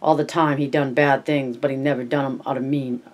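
A man voicing a hardened ranch worker in a read-aloud story, with plain rough dialect speech. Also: medium pitch, flat delivery, a little fast, lightly acted. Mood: grim.

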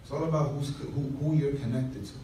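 A man's voice: medium pitch, steady tone, fast, mellow, slight background noise. A man pastor telling a humorous story in a sermon, with asides to the congregation. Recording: echoey room from far off.

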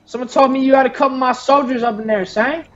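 A man voicing a loud, boastful male street gang member in a game role-play, taunting in heavy street slang. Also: very high-pitched, steady tone, fast talker, lo-fi sound. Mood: hyped taunting.

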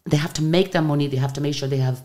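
Talking rapid-fire in a low voice, an Irish woman in her sixties who sings shares stories during a relaxed interview. She's chatty and animated, frequently breaking off to begin a sentence again.

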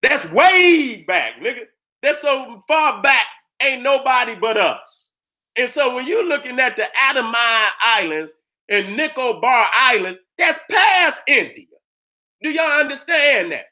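A man's voice: very high voice, expressive, measured pace, pushed and bright. A man hosting his own channel, giving a heated, profane lecture to his viewers, repeating his points over and over for emphasis. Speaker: host presenting history with maps.

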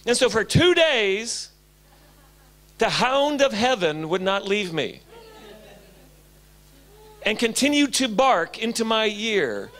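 A male pastor preaching a sermon in a church, telling stories animatedly and swinging between loud and hushed. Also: high voice, very animated, takes it slowly, pauses often.

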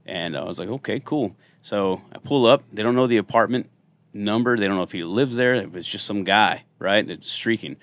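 A man's voice: lowish voice, brisk. A man in his thirties, a singer and former police officer, telling funny stories in a casual podcast interview and acting out the quotes. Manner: animated, jokey storyteller who acts out quotes.

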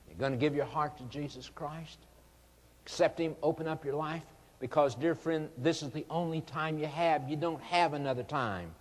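A man's voice: medium pitch, normal speed, in a large hall. A man preaching an evangelistic sermon, pleading earnestly and rising to fervent emphasis.

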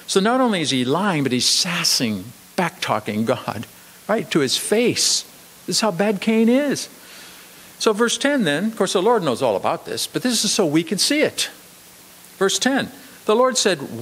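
A man pastor preaching a sermon emphatically, swinging between raised, quick delivery and slow, low emphasis. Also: big pitch swings, a bit bright, breathy edge, in a large hall. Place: church sanctuary.

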